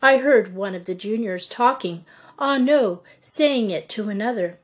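A woman's voice: mid-range voice, measured pace, slightly rough. A woman reading an audiobook, voicing a polite, earnest senior schoolgirl who speaks formally.

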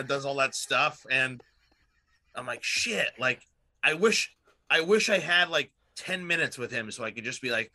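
A man's voice: mid-range voice, a little fast, bright, forceful tone. A man in his thirties chatting casually on a podcast, rambling with lots of fillers and swearing. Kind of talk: casual chat.

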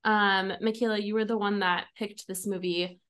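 Laughing often, a young podcast host makes casual conversation with her friends. Her medium-pitched voice is a bit bright and fairly even, her pace normal, and her chatter giggly and packed with "like."

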